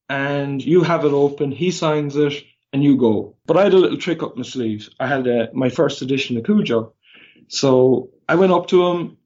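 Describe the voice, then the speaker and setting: An Irish man, a podcast guest, telling animated stories casually and acting out the dialogue. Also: mid-range voice. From Ireland. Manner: animated, quick anecdotes with quoted dialogue. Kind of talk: casual storytelling. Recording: slightly dull lo-fi audio.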